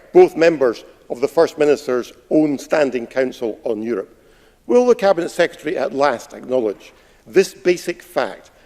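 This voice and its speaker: An opposition politician, a man, pressing a minister with pointed, sarcastic questions in formal parliamentary language. His voice is a little high for a man. The large chamber adds a long reverb to his speech. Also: darkish tone.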